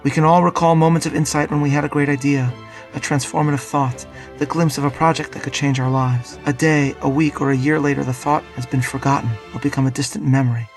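A man, a rabbi, hosting a scripted podcast lesson and reading in a measured, deliberate way. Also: fairly high pitch, fairly even intonation, faint music behind.

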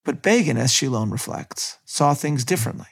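A man giving a history lecture, reading long quotations from books in a measured way. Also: medium pitch, lively intonation, vocal fry, breathy edge. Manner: measured, quotes sources.

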